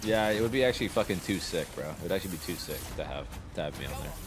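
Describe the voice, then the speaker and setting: A young man with a low voice talks loosely and profanely through a stream, his pitch swinging up and down as he rambles. He jokes with himself and swears often. Faint music sits underneath. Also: expressive, rapid-fire. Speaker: streamer hosting a watch party. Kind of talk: casual chat, profane and loose.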